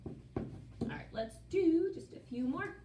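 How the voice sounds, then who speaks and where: A woman teaching young children phonics, sounding out words slowly in a playful, sing-song way. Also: extremely high pitch, expressive, roomy sound, very noisy.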